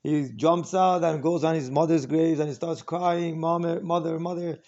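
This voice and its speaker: A man's voice: fairly high pitch, steady tone, normal speed, a little mellow. A man giving an informal Torah class as a rabbi, talking conversationally with many rhetorical questions and acting out quoted lines. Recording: dull lo-fi recording.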